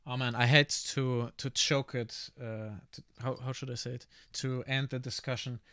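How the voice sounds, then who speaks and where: A man with a Russian accent, a native Russian speaker, chatting casually while he draws on a live art stream. He pauses often to search for the right word, reflective and relaxed. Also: mid-range voice, smooth, dry recording, studio quality. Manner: halting, often stops to search for words; relaxed, reflective, laughs easily.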